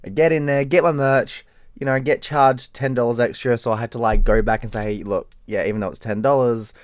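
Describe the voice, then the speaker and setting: A man's voice: fairly even intonation, a little fast, dry recording, clean studio sound. A tired Australian man telling a rambling story in a casual vlog, swearing freely. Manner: rambling, swears freely, mimics people in high voices. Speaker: vlogger.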